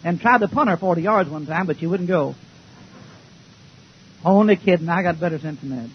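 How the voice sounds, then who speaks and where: A man preaching a fiery sermon to a church congregation, folksy and joking, sometimes shouting. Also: sits high, normal speed, highs cut off, slight background noise.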